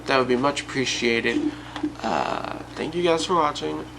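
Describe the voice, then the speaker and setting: A man's voice: medium pitch, unhurried, gravelly, background noise. A man telling a personal story and talking casually and directly to his viewers. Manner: chatty, addresses viewers directly. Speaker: YouTube storyteller.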